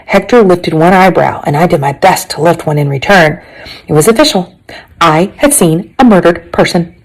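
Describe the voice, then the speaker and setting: Brief: lively female teacher reading aloud to kids, very animated. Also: fairly low pitch, rough recording. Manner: expressive, asides to listeners. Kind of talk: reading a chapter book aloud to a class.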